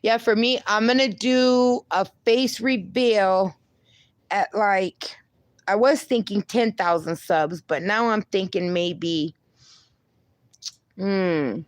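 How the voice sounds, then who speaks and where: With a dry, close recording and an ordinary mid pitch, a young livestream host takes it slow and easy, reading out comments and encouraging viewers. She's upbeat, laughs often, and swears mildly.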